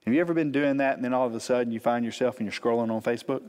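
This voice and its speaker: A man, preaching as a pastor and telling a funny personal story, animated, acting out the quotes. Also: medium pitch, racing, clear, resonant tone. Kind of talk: storytelling sermon. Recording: long hall reverb.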